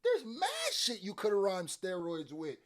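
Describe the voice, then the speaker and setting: Excitable man hosting a rap reaction. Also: high voice, measured pace. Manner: animated and excitable, often laughs and swears; scores bars with playful points and deductions. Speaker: reaction video host. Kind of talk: casual commentary reacting to a rap song.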